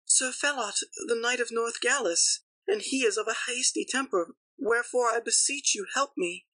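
A frightened young lady begs for help in a high, strained voice, put on by a male narrator. Her tone is bright and forward, recorded dry and close, like a storybook reading. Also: moderate pace, no echo, exaggerated voice, poor audio. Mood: pleading. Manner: high, pleading, breathless.

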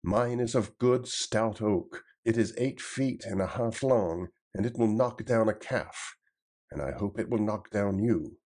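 A man voicing a sturdy, boastful tanner who talks in a loud, defiant way. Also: on the low side, measured pace. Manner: defiant, challenging delivery, raised and louder. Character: blunt, boastful male tanner, sturdy and mocking.

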